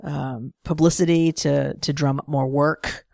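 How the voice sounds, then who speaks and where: A woman's voice: sits low, fairly even intonation, unhurried, creaky, mellow, no echo, studio quality. A woman co-hosting a casual comic book podcast, playful and jokey, who giggles often. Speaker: podcast co-host.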